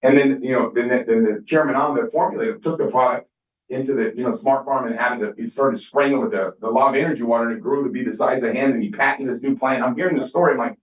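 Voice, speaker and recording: A middle-aged man giving a motivational business talk on stage, telling stories and acting out quoted dialogue. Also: medium pitch. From Southern California. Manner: storytelling, acts out quoted dialogue. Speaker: skincare business speaker. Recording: distant, echoey, dull hall recording.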